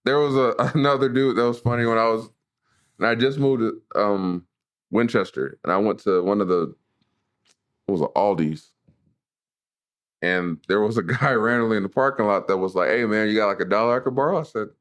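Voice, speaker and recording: A man co-hosting a podcast in casual chat, laid-back, asking questions and telling stories deadpan. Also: fairly low pitch, moderate pace, pauses often. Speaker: podcast co-host.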